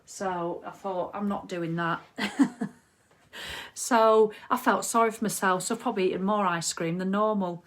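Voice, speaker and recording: A woman's voice: mid-range voice, a little slow. A middle-aged woman chatting casually on a live video as a wellness coach, reading out viewer comments. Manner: chatty, animated, reads viewer comments aloud. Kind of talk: casual live-stream chat.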